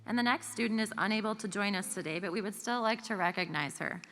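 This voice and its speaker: A woman emceeing a formal ceremony, reading out names and hometowns slowly and evenly. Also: mid-range voice, fairly bright tone. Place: large auditorium. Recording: reverberant hall with faint music.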